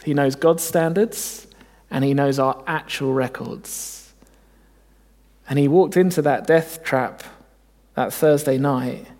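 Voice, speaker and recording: Earnest preacher in a reverberant hall. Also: male voice, mid-range voice, creaky, a little mellow, husky. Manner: earnest, reflective, asks rhetorical questions. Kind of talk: sermon.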